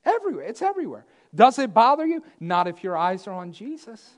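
A man preaching a sermon, emphatic and repetitive, swinging between loud declarations and hushed asides. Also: high-pitched, sing-song, brisk.

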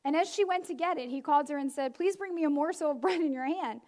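A middle-aged woman preaching a lively sermon, laughing often and acting out the people she quotes. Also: high voice, quick pace.

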